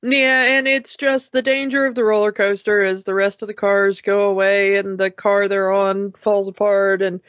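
A woman's voice: medium pitch, little pitch movement, normal speed, hardly any pauses, a bit bright, dry recording, dull audio. A woman co-hosting a casual talk show about cartoons, chatty and enthusiastic, often restarting her sentences. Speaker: podcast co-host. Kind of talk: casual cartoon review chat.

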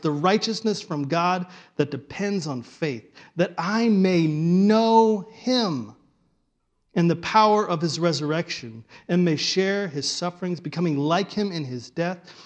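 A man preaching a sermon in an animated way, often acting out the thoughts of imagined listeners. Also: sits high. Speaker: pastor.

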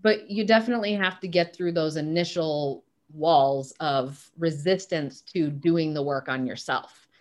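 A woman's voice: low-pitched, measured pace, hardly any pauses. A middle-aged woman, a business coach, speaking with emphatic energy as a podcast interview guest. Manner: energetic, emphatic, acts out quotes.

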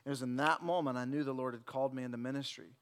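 A male pastor preaching a sermon, telling stories in a lively way with jokes, repeated words and sudden drops to a near hush. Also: medium pitch, very fast, smooth.

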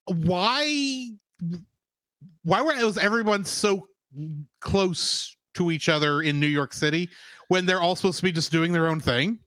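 A man's voice: sits high, unhurried, dry recording. A man co-hosting a podcast in casual chat, ranting at length. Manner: ranting, animated. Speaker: podcast co-host.

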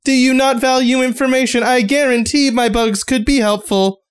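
A woman's voice: high voice, steady tone, normal speed, clean tone, natural voice. A woman doing a formal, curious insect envoy. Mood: earnest. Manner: stiff, formal phrasing without contractions.

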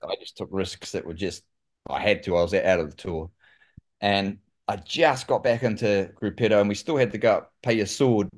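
A man with a New Zealand accent, a guest telling lively stories in casual conversation and saying "mate" often. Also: on the low side, moderate pace. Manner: animated, says "mate" often. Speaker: guest, former pro cyclist. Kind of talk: casual storytelling.

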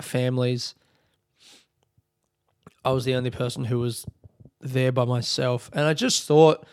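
A young man with an Australian accent tells a meandering story on his own, casual and self-deprecating, with "like" dropped into almost every sentence. His voice sits at an ordinary middle pitch. It is recorded close and dry, with no room sound. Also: darkish tone, no echo. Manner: rambling, self-deprecating, full of "like" fillers. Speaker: podcast host.

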